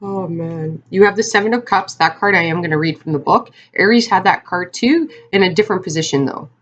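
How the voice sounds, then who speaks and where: A woman's voice: lowish voice, a little fast, highs cut off. A woman giving a casual tarot card reading to her viewers, talking in a chatty, rambling way with lots of fillers and asides. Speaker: tarot reader.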